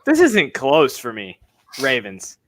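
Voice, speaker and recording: A man co-hosting a fantasy football podcast, talking emphatically and swinging between low muttering and loud pushes. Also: huge pitch swings, slow pace. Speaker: podcast co-host. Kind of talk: casual sports chat.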